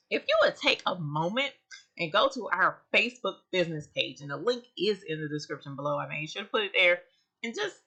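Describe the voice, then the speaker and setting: Bright-voiced woman hosting a live chat. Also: on the low side, lo-fi sound. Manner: expressive, chatty, greets viewers by name. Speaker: livestream host of an embroidery channel. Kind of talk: casual live chat with viewers.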